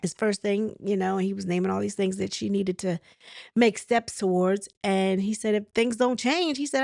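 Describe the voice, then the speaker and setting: A woman's voice: medium pitch, steady tone, normal speed, gravelly, a little mellow, no echo, studio quality. A woman hosting a casual reality TV recap, retelling scenes in a chatty way with lots of "he said, she said.".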